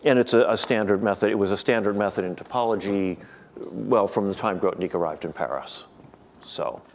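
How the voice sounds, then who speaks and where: A man's voice: on the low side, brisk, a little hiss or hum. A man giving an academic lecture to a room of listeners, thinking aloud with frequent restarts and repeated words.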